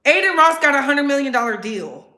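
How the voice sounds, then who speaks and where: Sassy, bright-voiced woman commentator. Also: high voice, fairly quick, reverberant. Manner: sassy, animated, talks straight to viewers. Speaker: commentary channel host. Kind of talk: casual commentary.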